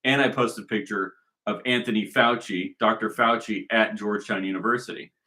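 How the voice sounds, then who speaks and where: A man's voice: lowish voice, fairly even intonation, a little fast, sharp tone. A man giving a rambling, argumentative monologue, talking emphatically and repeating himself. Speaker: commentator.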